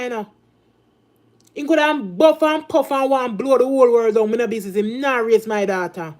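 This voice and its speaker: Jamaican woman, middle-aged, high voice, loud scolding patois rant, casual stream host. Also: normal speed. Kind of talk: ranting casual talk.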